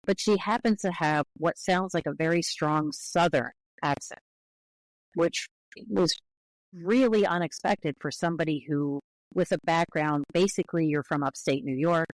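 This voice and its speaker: A woman's voice: sits low, no echo, poor audio. A woman guest on an interview, speaking as a linguist in a careful, explanatory way with frequent restarts.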